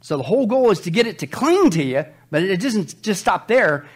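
A man's voice: high voice, a little fast, husky. A middle-aged male pastor preaching a sermon, asking the congregation rhetorical questions and joking between Bible readings. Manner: animated preaching, rhetorical call-and-response questions, jokes.

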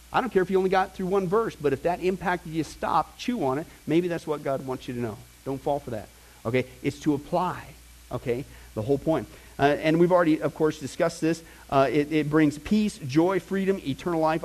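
A middle-aged man preaching and teaching in a conversational, animated way, with asides to the congregation. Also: on the high side. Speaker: pastor teaching a Bible class. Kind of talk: sermon.

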